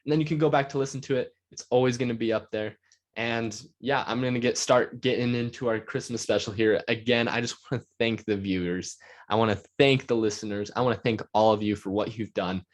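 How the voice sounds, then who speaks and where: A man's voice: mid-range voice, fairly even intonation, a little fast. A man hosting his own podcast alone, talking eagerly in a rambling way with lots of filler words. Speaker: podcast host. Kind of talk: solo podcast monologue.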